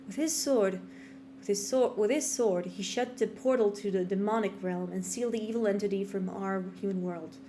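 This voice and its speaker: A woman voicing a brooding young female demon hunter, telling an old legend in a hushed, solemn dramatic monologue. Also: medium pitch, normal speed, a little hiss or hum, lightly acted. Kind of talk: voice acting a game monologue.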